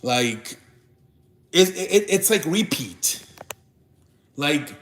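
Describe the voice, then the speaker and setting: A man's voice: fairly high pitch, very animated, very slow, a bit bright. Rambling young man in an echoey room. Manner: rambling, restarts often, reacts to chat. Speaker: live show host. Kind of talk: casual live-stream wrestling chat.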